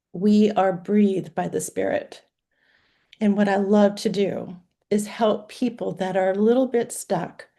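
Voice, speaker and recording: A woman's voice: on the low side, creaky, warm tone. A woman in her sixties, a life coach, giving an earnest, emotional talk in list-like phrases. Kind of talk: heartfelt talk.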